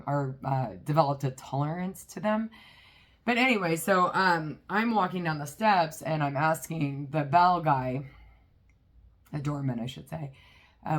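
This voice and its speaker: Female vlogger, low-pitched, relaxed rambling anecdote delivery. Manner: chatty, rambling with many fillers. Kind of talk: casual storytelling.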